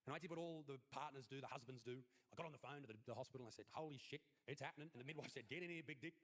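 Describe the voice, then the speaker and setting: A man in his thirties doing a crude stand-up comedy routine, telling stories deadpan and shouting out the punchlines. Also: mid-range voice, rapid-fire, background noise.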